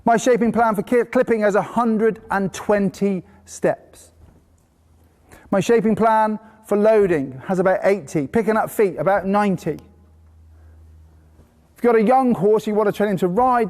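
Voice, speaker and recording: A man teaching a horse-training course to a live group indoors, telling lively stories and bursting into playful praise voices. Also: high voice, unhurried. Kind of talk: live workshop talk to a group. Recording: long hall reverb.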